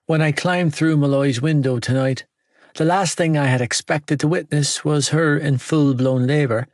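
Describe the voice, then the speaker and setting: A man narrating a romance audiobook in the first person, in a measured way. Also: fairly high pitch, fairly even intonation, a little mellow, dry recording, studio quality.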